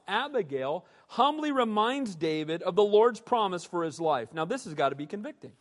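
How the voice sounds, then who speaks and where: A man's voice: high-pitched, big pitch swings, normal speed, hardly any pauses. A male pastor preaching a sermon in a conversational style, often asking the congregation "amen?". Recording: long hall reverb.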